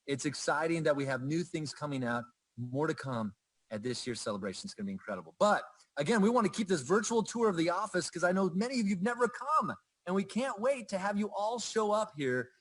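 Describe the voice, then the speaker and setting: Upbeat male host, middle-aged, slightly high voice, dry close sound, playful and jokey. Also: lively intonation, fast, no room sound. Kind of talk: upbeat livestream presenting.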